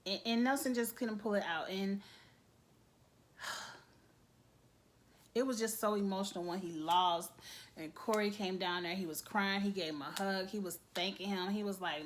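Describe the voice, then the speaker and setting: Woman, casual reality TV recap, animated, laughs often. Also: mid-range voice, a little slow, long pauses. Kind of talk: casual episode review.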